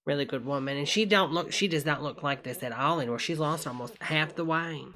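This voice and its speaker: A woman's voice: sits low, brisk, a bit bright. A woman hosting a live reaction stream, chatting folksily with viewers and calling them honey. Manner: folksy, calls everyone honey, gushing asides. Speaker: host reacting to videos.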